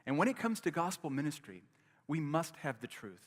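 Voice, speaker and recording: A man's voice: fairly high pitch, very animated, fairly quick, long reverb tail. A man preaching a sermon as pastor, earnest and repetitive, often restarting his phrases.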